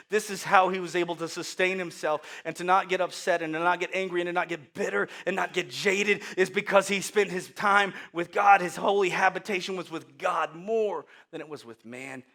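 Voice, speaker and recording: A man preaching a sermon, telling the story with lively acted voices and sudden loud outbursts. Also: a little high. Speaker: pastor.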